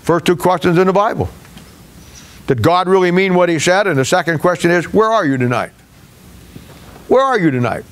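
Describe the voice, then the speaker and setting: A man's voice: sits high, animated, normal speed, pauses often. A man pastor preaching a sermon in a folksy, conversational way, with hesitations.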